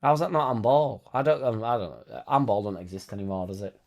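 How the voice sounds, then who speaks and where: A man's voice: on the low side, a little fast, vocal fry. A Yorkshire man hosting a casual football watchalong stream, chatting bluntly with viewers, swearing and bantering. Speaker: livestream host.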